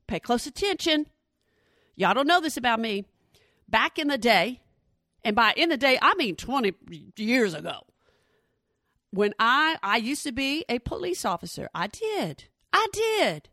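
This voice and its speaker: A woman in her forties does stand-up, speaking straight to the crowd and playing out every voice in her story. Her voice sits a little high. The lapel mic gives a close, dry sound with no room echo. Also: unhurried, pauses often. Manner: animated, addresses the audience directly, acts out quoted voices. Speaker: stand-up comedian.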